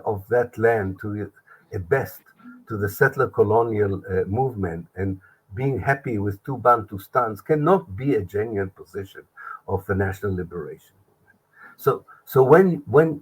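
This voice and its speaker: Husky, low-voiced older man, halting. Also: low-quality recording. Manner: earnest, halting with many restarts. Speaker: historian guest. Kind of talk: interview answer.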